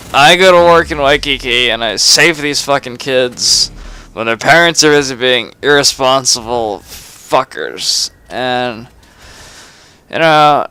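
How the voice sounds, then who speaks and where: Tipsy late-teen guy, slow and rambling, crisp bright voice, swears and sighs between lines. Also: medium pitch. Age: late teens. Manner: rambling, profane, laughs and sighs between phrases. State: tipsy from drinking. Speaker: gamer recording a personal vlog. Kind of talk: rambling confessional monologue.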